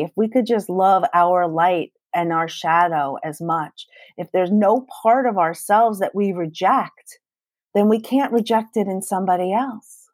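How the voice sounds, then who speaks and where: A woman's voice: lowish voice, a little mellow, no room sound, studio quality. A woman in her forties, a guest on an interview, speaking earnestly and emphatically about parenting and love, often acting out her own past conversations. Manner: earnest and emphatic, quoting herself in dialogue.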